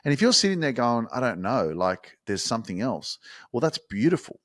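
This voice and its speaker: A man hosting a motivational podcast, talking casually and swearing freely as he builds up to shouted hype. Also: medium pitch, animated, normal speed, no room sound, studio quality. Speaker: podcast host. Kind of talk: motivational talk.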